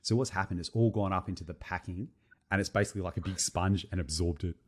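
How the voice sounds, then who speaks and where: Aussie podcast guy, young, swears a lot, all over the place telling a story, lowish voice. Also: fast talker, husky. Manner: animated, swears freely, tells stories. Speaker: podcast co-host. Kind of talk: casual podcast chat.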